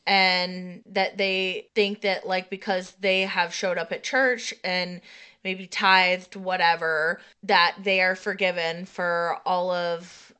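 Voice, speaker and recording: Co-host: young woman, very bright tone, rambling and chatty. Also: on the low side, little pitch movement, slow pace, clean tone. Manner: chatty, rambling anecdotes full of fillers. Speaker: podcast co-host. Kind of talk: casual chat.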